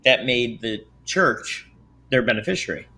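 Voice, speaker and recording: A man's voice: mid-range voice, animated, measured pace, bright, forceful tone. A man co-hosting a podcast in casual, joking chat, cracking wisecracks and slipping into funny voices. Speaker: podcast co-host.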